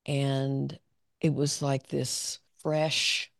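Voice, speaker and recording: Woman, psychologist guest, candid reflective storytelling, gravelly voice, dry close sound. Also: rumbling low, flat delivery, very slow, no echo. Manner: reflective, self-revealing, laughs often. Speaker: clinical psychologist, podcast guest.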